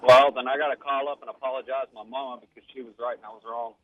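A man's voice: medium pitch, little pitch movement, racing. A man calls in to a sports radio show. He sounds curious and easygoing, and his voice comes through a thin, phone-line sound. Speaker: caller.

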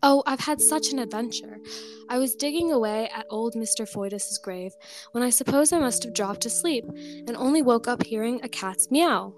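A woman's voice: a little high, moderate pace. Young woman reading a folk tale over music. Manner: animated reading with voiced characters, chatty with many likes and laughs. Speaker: podcast co-host. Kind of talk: reading a folk tale aloud, then casual chat.

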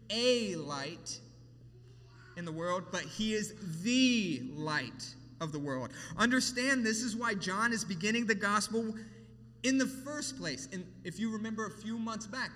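A man preaching a sermon from a church platform, with emphatic rises and hushed drops in his delivery. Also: sits high, long reverb tail. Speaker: pastor.

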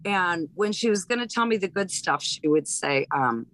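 Lively woman comic telling stories. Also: fairly low pitch, moderate pace, rough recording. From Hawaii. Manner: animated storyteller, lots of restarts. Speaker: guest, stand-up comedian. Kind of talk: casual storytelling interview.

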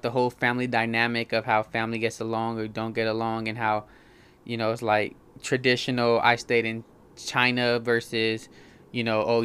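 Slangy young man, smooth clear voice. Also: medium pitch. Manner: slangy, animated, swears freely. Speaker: vlogger reviewing movies. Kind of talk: casual profane chat.

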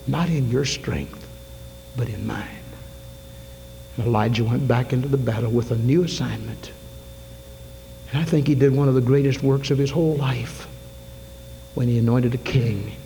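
A man's voice: medium pitch, normal speed, gravelly, long pauses. Preacher man dramatizing a sermon. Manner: dramatic storytelling, acts out quotes, rising to shouts then dropping to whispers. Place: church sanctuary. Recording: long hall reverb, faint hum.

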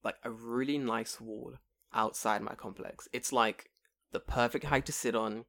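A man's voice: medium pitch, unhurried, gravelly. Guy on a chill podcast, swears a lot, does little voices in his stories. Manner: swearing, animated storytelling with put-on quotes. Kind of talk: casual chat.

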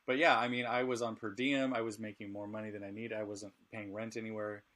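A man's voice: lowish voice, little pitch movement, fast talker, fairly bright tone. A middle-aged man co-hosting a casual chat, speaking candidly and laughing often. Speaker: podcast co-host.

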